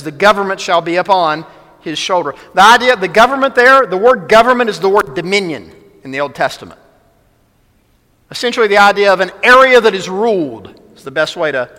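A man's voice: high-pitched, pushed and bright. A man preaching a sermon as pastor, emphatic, repeating key phrases and reading scripture aloud. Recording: long reverb of a large hall.

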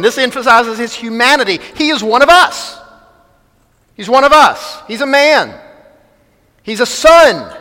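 A man with a high, bright, forceful voice preaches a sermon, pressing his points by repeating short phrases and reading scripture aloud. His voice rings with the long reverb of a large church hall. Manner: emphatic, repeats key phrases, quotes scripture. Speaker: pastor.

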